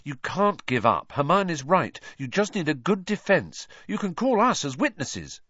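A man's voice: fairly high pitch, sing-song, a little slow, a bit bright, husky, no room sound, voice pushed up, exaggerated voice. An earnest teenage schoolboy with an urgent, encouraging tone, as a male narrator puts him on. The voice sits well above the narrator's own, with a dry, dull sound. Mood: urging.

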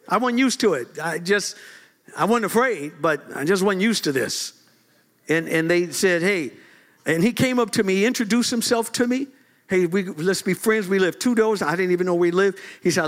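A middle-aged man preaching a sermon, lively and joking, often laughing as he talks. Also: extremely high pitch. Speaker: pastor.

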